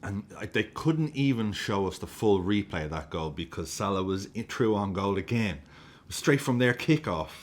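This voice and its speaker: A man with a low voice reacts to a football match with giddy excitement, swearing freely and laughing as he goes. He talks casually, like a fan ranting to his camera. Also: normal speed. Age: adult with a young daughter.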